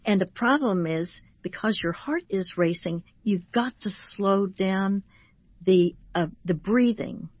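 A woman who is a Christian author, speaking as a guest on a radio talk show in a measured, teaching manner and slowing down to stress each word. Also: medium pitch, no room sound, highs cut off.

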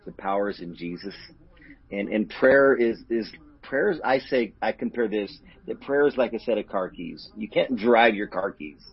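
A man's voice: lowish voice, animated, moderate pace, vocal fry, husky. A middle-aged man, a pastor, telling a personal story in an interview in an earnest, emotional, open way. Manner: earnest and emotional, speaks openly about hurt. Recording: dull lo-fi audio.

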